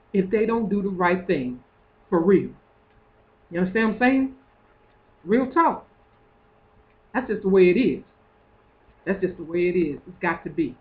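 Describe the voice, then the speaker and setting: Intense preaching man, high voice, tinny. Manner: repetitive and profane, keeps asking "you understand what I'm saying". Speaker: vlogger. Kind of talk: preachy street monologue to camera. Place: room in an apartment building. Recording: tinny phone-like sound.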